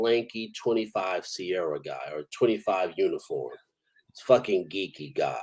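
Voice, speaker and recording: An army veteran tells stories casually, rambling and swearing and chuckling now and then. His voice is low, expressive, unhurried, darkish and slightly rough, and the recording quality is rough.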